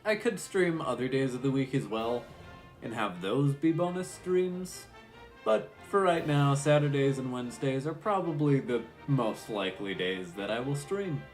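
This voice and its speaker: A man's voice: mid-range voice, animated, moderate pace, faint music behind. A male voice actor streamer chatting casually while playing a game, laughing at himself.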